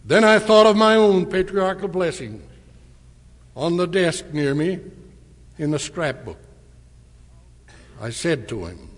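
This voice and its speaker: A man giving a storytelling address at church, slowly and deliberately retelling a conversation. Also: on the high side, very animated. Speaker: church speaker. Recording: long hall reverb.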